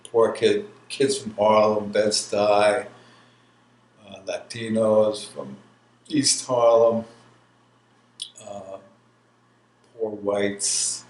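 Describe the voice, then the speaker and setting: Slow-talking older veteran, roomy sound. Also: male voice, fairly low pitch. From New York. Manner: slow, rambling, laughing storyteller. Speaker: interviewee, army veteran. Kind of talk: oral history storytelling. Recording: roomy with faint background hiss.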